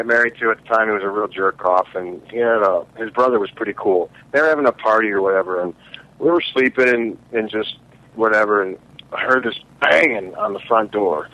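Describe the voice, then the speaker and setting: A man in casual chat, telling a childhood scare in a halting, filler-heavy way. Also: lowish voice, bright, forceful tone, low-quality recording.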